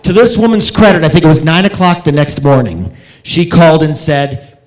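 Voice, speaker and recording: A man's voice: a little high, expressive, moderate pace, reverberant, rough recording. Effusive man thanking guests in a theater. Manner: effusive, repeating words for emphasis. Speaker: festival director hosting a film Q&A. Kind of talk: warm-hearted thank-you speech. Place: theater auditorium.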